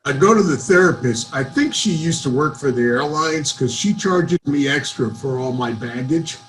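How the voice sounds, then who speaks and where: A man's voice: on the high side, expressive, normal speed, a little hiss or hum, low-quality recording. A man doing a stand-up set of one-liners over a video call, with dry setup-and-punchline delivery. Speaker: stand-up comedian.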